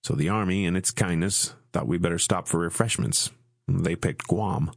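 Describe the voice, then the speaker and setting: In a studio-quality recording with no room sound, a man with a low, vocal-fried voice speaks at normal speed. He's voicing a brash, crude young army soldier for an audiobook, making the character wry, swaggering, coarse and joking.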